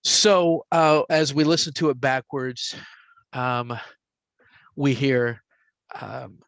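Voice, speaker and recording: A man's voice: mid-range voice, slow pace, vocal fry, dry recording. Man telling a spooky story, dry mic. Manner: animated retelling with hushed quoted whispers. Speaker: podcast host telling a story. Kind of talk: casual storytelling.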